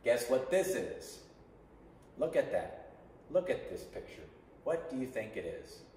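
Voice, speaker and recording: Recorded from a distance in an echoey room with slight background noise, a man with a mid-range, slightly mellow voice speaks a little slowly but very animatedly. He teaches an online English class, patiently drilling sentence patterns for students to repeat.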